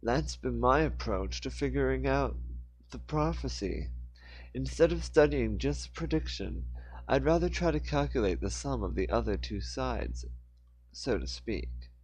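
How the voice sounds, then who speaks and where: A man voicing a pedantic male mayor who lectures slowly and at length, in a raised voice. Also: medium pitch, expressive, a little mellow, breathy edge, rough recording. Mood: lecturing.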